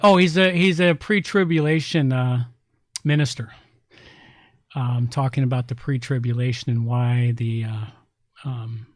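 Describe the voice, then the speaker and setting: A man's voice: medium pitch, measured pace, no room sound, clean studio sound. A man with a Southern US accent hosting a casual podcast chat, rambling and sarcastic, often groping for words. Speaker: podcast host.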